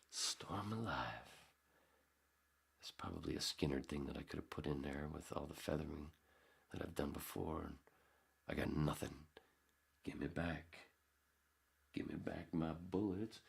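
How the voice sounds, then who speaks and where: A man's voice: extremely low pitch, creaky, breathy edge. A man hosting a podcast, telling a rambling story in a casual way, swearing freely and acting out scenes with sudden jumps in his voice. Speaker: podcast host.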